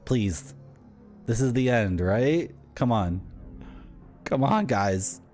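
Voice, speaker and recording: A man's voice: mid-range voice, lively intonation, takes it slowly, a little mellow. A man streaming a game, telling a rambling, wry story as he plays. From Southern Ontario, Canada. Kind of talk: casual gameplay commentary. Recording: faint music behind.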